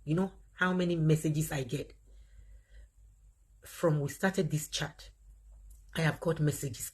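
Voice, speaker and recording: A Nigerian woman hosts a live online chat, her voice husky and a touch breathy. She talks in an animated way, addresses her viewers directly and reads their comments aloud between her own remarks. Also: low-pitched, takes it slowly, long pauses. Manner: animated, talks straight to viewers, laughs often. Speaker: livestream host.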